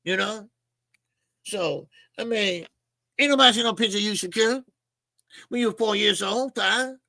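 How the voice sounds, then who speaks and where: A man hosting a boxing talk show, ranting in loud, emphatic, mocking casual commentary with plenty of swearing. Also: high voice, moderate pace, gravelly, no echo.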